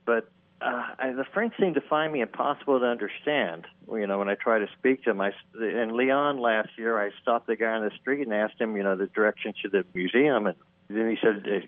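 A man's voice: mid-range voice, a little fast, dry recording. A man from Texas calling in to a radio show, telling a casual, self-deprecating story. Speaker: caller. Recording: tinny phone line.

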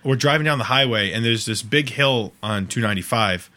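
A man's voice: mid-range voice, fairly quick. A man, co-hosting a podcast and telling long, self-correcting stories in casual chat. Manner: animated storyteller, rambling and self-correcting. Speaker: podcast co-host.

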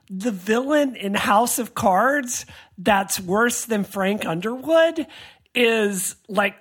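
A woman with a mid-range voice gives her opinions in casual podcast chat. She drops lower and quieter while she explains a point. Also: lively intonation, takes it slowly, breathy edge. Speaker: podcast co-host.

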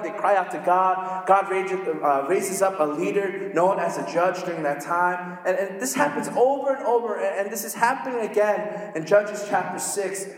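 A man preaching a casual, animated sermon, acting out the characters in quick voices. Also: high voice. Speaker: pastor. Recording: echoey hall with long reverb.

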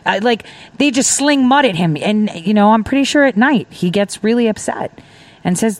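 A woman's voice: on the high side, animated, normal speed, dry recording. A woman talking as a guest on a political talk show, emphatic and rambling, acting out quoted exchanges as she explains. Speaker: defense contractor. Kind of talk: political talk radio conversation.

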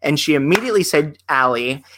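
A man's voice: on the high side, animated, fairly quick, noisy background. A man co-hosting a theater talk show, chatty and rambling with asides. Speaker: podcast co-host.

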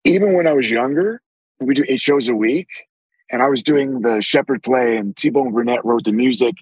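A man with a deep, raspy voice, telling animated stories with frequent swearing as a podcast guest. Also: moderate pace, no echo, poor audio. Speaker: actor guest. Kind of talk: casual podcast interview.

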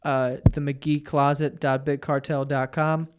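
A man's voice: on the high side, flat delivery, a little slow, noisy background. A young man hosting a podcast, telling crude stories and laughing through casual banter with friends. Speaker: podcast host.

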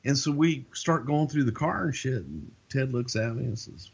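A man's voice: medium pitch, normal speed, gravelly, few pauses, breathy edge, lo-fi sound. A man casually telling a long, profane story, acting out the voices of the people in it. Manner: profane, animated, acts out quoted voices.

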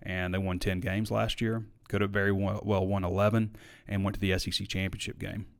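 A man's voice: low-pitched, flat delivery, a little fast, vocal fry. A man hosting a live sports talk show, chatting casually and opinionated, reading viewer comments and arguing back. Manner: opinionated, conversational, frequent fillers.

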